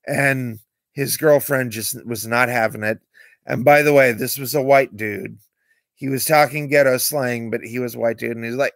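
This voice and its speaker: Gravelly man rambling on a late-night stream. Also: mid-range voice, steady tone, normal speed, dry recording, clean studio sound. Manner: rambling, candid storytelling. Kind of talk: late-night livestream monologue.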